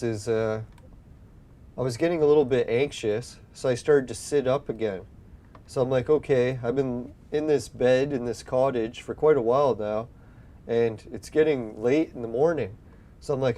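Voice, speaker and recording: Mellow-voiced man rambling through a story. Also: mid-range voice. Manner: rambling, swears often, acts out his own past lines. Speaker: gaming video host. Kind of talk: casual storytelling while playing a game.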